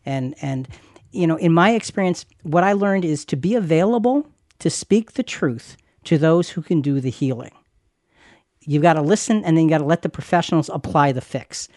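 A man's voice: a little high, lively intonation, moderate pace, darkish tone, no echo, clean studio sound. A man who is a pastor and podcast host, talking earnestly and reassuringly about faith, repeating phrases for emphasis. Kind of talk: conversational Christian podcast teaching.

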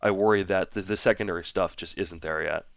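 A young man co-hosting a casual baseball podcast, thinking aloud in a relaxed way with fillers; French was his first language. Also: sits low, fairly quick, gravelly, dry recording, clean studio sound. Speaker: podcast co-host.

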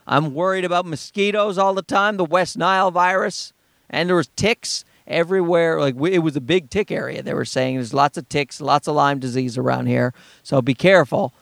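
Man, high voice, exasperated profane rant, dry close sound, inside a car. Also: normal speed, vocal fry, fairly bright tone, no room sound. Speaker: father talking to camera. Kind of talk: ranting monologue.

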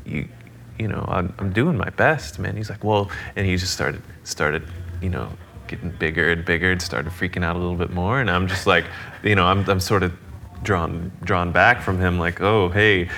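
Bright-voiced man telling a lively story. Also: low-pitched, normal speed, a little hiss or hum. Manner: animated, laughing storyteller. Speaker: guest drummer. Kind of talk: casual storytelling interview.

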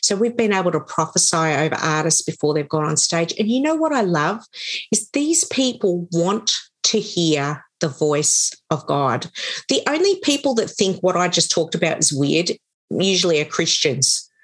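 Animated woman telling a story. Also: on the low side, normal speed. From Australia. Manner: animated storyteller, acts out quoted voices. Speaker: guest, prophetic minister and choir leader. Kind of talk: storytelling in a podcast interview.

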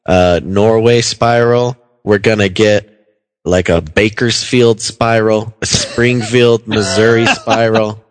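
A man's voice: fairly low pitch, fairly even intonation, slow, clear, resonant tone, dry recording. A man co-hosting a podcast in casual banter, joking and laughing often. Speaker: podcast co-host.

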